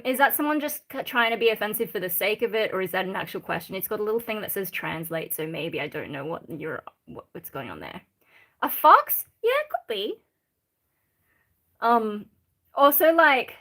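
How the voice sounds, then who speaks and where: A woman's voice: mid-range voice, very animated, normal speed, bright, forceful tone. An Australian woman from Sydney, a streamer who rambles while reading chat comments aloud and answering them. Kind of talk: casual live-stream chat.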